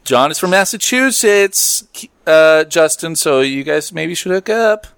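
A man's voice: a little high, expressive, unhurried, gravelly, a bit bright, smooth, no echo, clean studio sound. A man hosting a podcast, chatting casually, joking and reading out listener messages. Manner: loose, joking, laughs easily. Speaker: podcast host.

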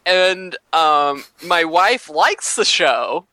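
A man's voice: on the high side, lively intonation, very slow, pushed and bright, dry recording. A man co-hosting a casual podcast, trading goofy, teasing banter. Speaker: podcast co-host.

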